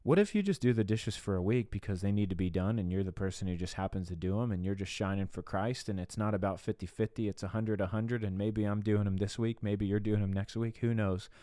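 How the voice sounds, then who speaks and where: A man delivering an earnest podcast sermon in a low, mellow voice. He preaches conversationally, turning to the listener with rhetorical asides. The sound is dry and close to the mic. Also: fairly quick, hardly any pauses, no room sound.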